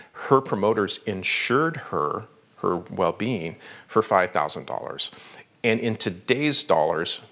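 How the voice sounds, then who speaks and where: A man's voice: deep voice, pushed and bright. A man, an author, giving a conversational talk at a library, telling stories animatedly with fillers.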